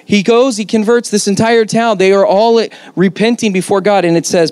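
A man's voice: high voice, steady tone, moderate pace, few pauses, a little mellow, clean tone, no room sound. A man preaching a sermon as pastor, conversational yet emphatic, with rhetorical questions.

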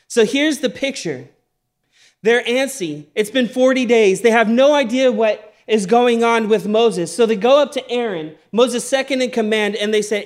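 High-pitched pastor guy, chatty sermon storytelling, quizzes the room. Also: moderate pace. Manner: conversational storytelling, asks the audience.

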